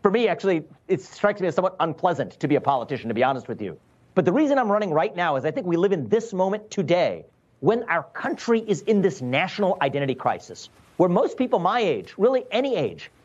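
A man in his thirties, a presidential candidate in a remote TV news interview, speaking fast and emphatically. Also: high-pitched, highs cut off. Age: 30s. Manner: fast, emphatic, assertive campaign talk.

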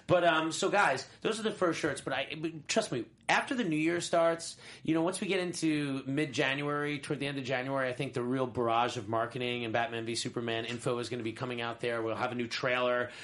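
A man's voice: mid-range voice, fairly even intonation, fairly quick, few pauses, fairly bright tone. A young man co-hosting a podcast in casual chat, rambling and joking, often correcting himself mid-sentence. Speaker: podcast co-host.

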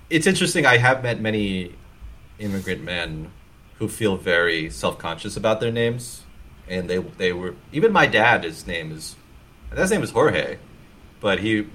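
A man's voice: fairly low pitch, pushed and bright. A man hosting a casual comedy podcast, telling stories and acting out quoted lines. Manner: storytelling, quick to act out quotes. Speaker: podcast host.

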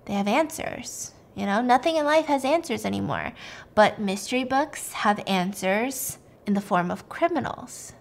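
Woman doing a soft, nervous doctor. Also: medium pitch, animated, moderate pace, gravelly. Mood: hesitant. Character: nervous, quiet male doctor.

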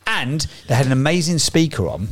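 A man's voice: fairly high pitch, very animated, a little fast. A man co-hosting a podcast in casual chat, rambling and swearing freely. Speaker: podcast co-host.

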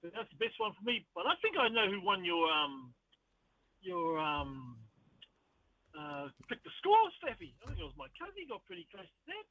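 A male caller with a New Zealand accent, chatting in a relaxed, slangy way over the phone. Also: high-pitched, moderate pace. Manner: laid-back, slangy. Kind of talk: casual phone chat. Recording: muffled phone line.

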